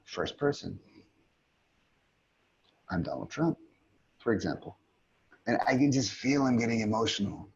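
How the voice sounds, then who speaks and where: A middle-aged man, an aikido teacher, calmly guiding a community call through a reflective exercise, often restarting his sentences. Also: medium pitch, a little slow, pauses often, breathy edge, dull audio. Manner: calm, reflective, many restarts. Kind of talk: guided teaching talk. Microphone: video call.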